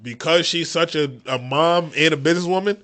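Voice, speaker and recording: A man chatting casually as a podcast co-host, telling stories in animated slang and repeating his phrases. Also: fairly high pitch, a little fast. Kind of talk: casual chat.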